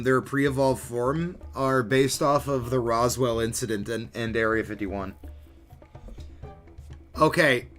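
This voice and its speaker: A man's voice: medium pitch, fairly bright tone. Man doing joking game commentary. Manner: joking, laughing asides. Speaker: gaming streamer. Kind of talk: casual let's play commentary.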